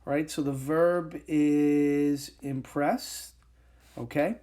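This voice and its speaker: Slow, halting male English teacher. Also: a little high, fairly even intonation, dark tone. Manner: slow, halting explanation with frequent fillers. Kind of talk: recorded whiteboard lesson.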